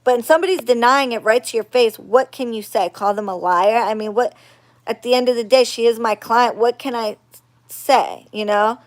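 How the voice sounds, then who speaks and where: Expressive, rambling woman with a higher voice. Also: moderate pace. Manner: rambling, expressive, swings from loud outbursts to low murmurs. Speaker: spiritual practitioner and channel host. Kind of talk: casual chat to camera.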